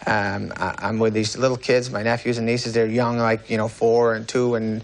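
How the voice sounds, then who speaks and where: A man in his thirties from New Hampshire, a comedian guest telling a rambling, halting, self-mocking story on a talk show, often breaking into laughter. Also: lowish voice, little pitch movement. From New Hampshire, USA. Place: TV studio with audience. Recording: noisy VHS TV recording.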